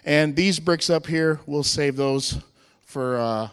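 American man, higher voice, hyped stage presenter, joking and shouting to the crowd, long church-hall reverb. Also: takes it slowly, clear, resonant tone. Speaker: touring strength team presenter. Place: church hall with live audience. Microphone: handheld microphone.

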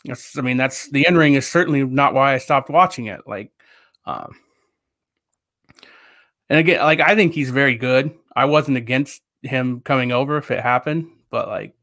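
A man of middle pitch chats casually on a podcast, hedging and rambling with many fillers. His voice sounds close and dry. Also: normal speed, fairly bright tone, no echo. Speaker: podcast co-host. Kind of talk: casual chat.

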